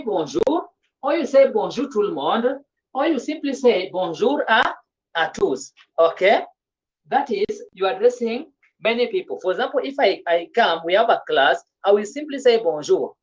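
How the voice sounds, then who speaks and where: A woman teaches a class slowly, repeating phrases and checking that everyone follows. Her pitch moves a lot. The recording sounds dull and lo-fi. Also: darkish tone. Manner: slow, repetitive, checks understanding often. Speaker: French teacher. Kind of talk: classroom language lesson.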